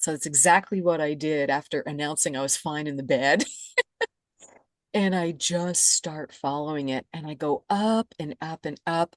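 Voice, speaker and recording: A woman, an interview guest, telling a personal story in a vivid, expressive way and laughing easily. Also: low-pitched, no room sound, studio quality. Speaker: interview guest, energy healer.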